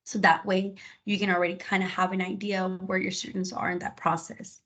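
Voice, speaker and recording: Husky lady teacher doing a conference talk, chatty, lots of "you know"s. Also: mid-range voice, a little fast, poor audio. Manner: conversational, many fillers and "you know"; models classroom directions in a lively teacher voice. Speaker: bilingual teacher presenter. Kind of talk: conference presentation.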